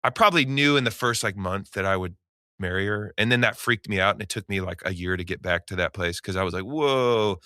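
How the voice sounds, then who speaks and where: Bright-voiced man telling stories. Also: sits low, quick pace, no echo, studio quality. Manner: animated storyteller who acts out quoted people. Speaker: podcast guest. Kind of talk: casual storytelling.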